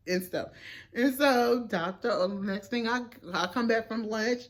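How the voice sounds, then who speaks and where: A young woman telling a personal story in a casual vlog, animated and acting out the quotes with lots of fillers. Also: on the high side, measured pace.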